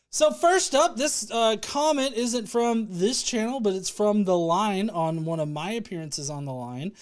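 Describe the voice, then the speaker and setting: A man's voice: high voice, lively intonation, unhurried. A man hosting a casual livestream, joking, swearing, and thanking viewers as he rambles along with restarts. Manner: reads out viewer comments and thanks. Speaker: livestream host.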